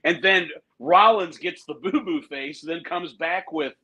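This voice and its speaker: A man co-hosting a wrestling podcast in casual chat, joking and incredulous in an animated way. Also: fairly high pitch, measured pace, poor audio. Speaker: podcast co-host.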